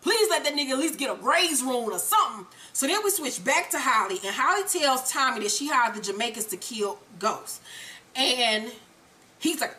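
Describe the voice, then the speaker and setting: A woman with a high-sitting voice hosts a casual TV episode recap at a moderate pace. She tells the story with profanity and animatedly acts out the characters' lines.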